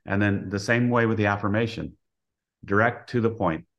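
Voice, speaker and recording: Male coach as podcast guest, low-pitched, plain and explanatory. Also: moderate pace, fairly bright tone. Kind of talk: casual podcast interview.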